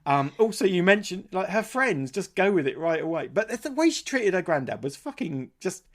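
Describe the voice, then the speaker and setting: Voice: mid-range voice, very animated, moderate pace. A podcast co-host in casual film chat, rambling and curious, often laughing as he talks.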